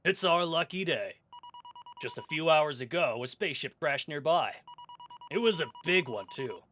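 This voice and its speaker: A man voicing a brash raider crew captain who gives a loud, upbeat mission briefing with bits of pirate slang, read from game dialogue on a stream. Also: fairly high pitch, lively intonation, normal speed, slight background noise, voice pushed up. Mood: commanding.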